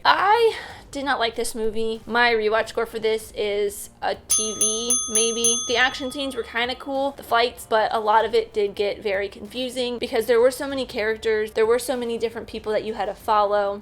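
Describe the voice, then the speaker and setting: A woman's voice: a little high, moderate pace, faint music behind. Chatty young woman reviewing movies. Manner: chatty, candid, laughs easily. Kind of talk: casual movie review vlog.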